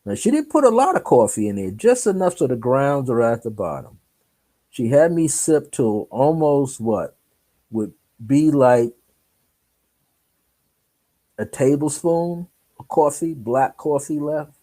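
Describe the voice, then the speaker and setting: A man's voice: mid-range voice, sing-song, unhurried, long pauses, warm tone. A man telling a personal story as an interview guest, acting out the dialogue and laughing often.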